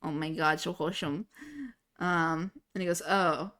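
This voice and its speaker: Young woman streamer, chatty and excitable, quick to swear and laugh; bright, forward voice. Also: sits low. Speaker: livestreamer. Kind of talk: casual chat.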